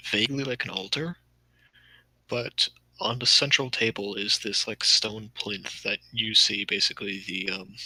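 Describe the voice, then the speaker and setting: A man's voice: fairly low pitch, bright, forceful tone, no echo, poor audio. A man narrating a tabletop game as game master, casual and hesitant.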